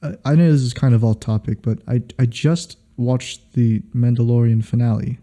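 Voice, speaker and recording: A man with a very dark, mellow voice hosts a casual podcast chat. He teases his co-host relentlessly and keeps up a put-on British accent at a middle pitch. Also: steady tone, normal speed.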